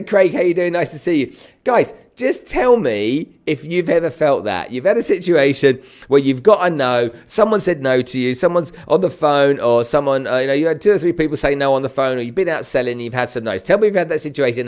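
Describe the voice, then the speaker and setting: A middle-aged man giving a lively sales coaching talk on a live stream, greeting viewers by name. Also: medium pitch.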